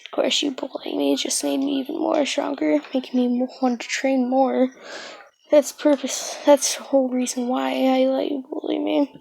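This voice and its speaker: A woman voicing a calm, confident teenage boy hero in a retold fan story, speaking offhandedly with hesitant fillers. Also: high-pitched, moderate pace, creaky, rough recording. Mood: smug.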